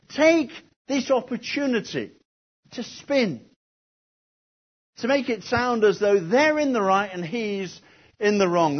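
A man's voice: high voice, husky. A man preaching an expository sermon, posing rhetorical questions and repeating key phrases. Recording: dull lo-fi recording.

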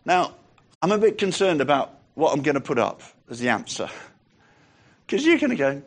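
Conversational preacher man, fairly high voice. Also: sing-song, moderate pace, long pauses, slight background noise. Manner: conversational, drops to soft voice for quoted lines, rises when reading. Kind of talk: sermon with scripture reading.

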